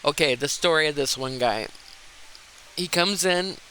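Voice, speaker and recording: A man talks his way through a cozy cleaning game, telling a rambling story at an unhurried pace. His voice sits a bit high and sounds bright and forward, with a faint hiss behind it. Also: low-quality recording. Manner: rambling storyteller, restarts, frequent laughs. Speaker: gameplay streamer. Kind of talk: casual gameplay chat.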